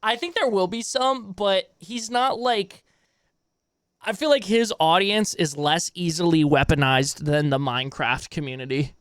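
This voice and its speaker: A man's voice: high voice, unhurried, clean tone, no echo, studio quality. A young adult man streaming live and reacting to online drama in casual, swearing chat. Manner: casual, swearing, reacts loudly, laughs often.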